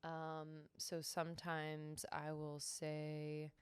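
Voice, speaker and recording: Low, smooth-voiced woman podcast host. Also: monotone, dry recording. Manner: slow, soothing guidance with hums and sung tones; breaks into brisk, emphatic pep-talk bursts. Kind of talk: solo wellness podcast talk.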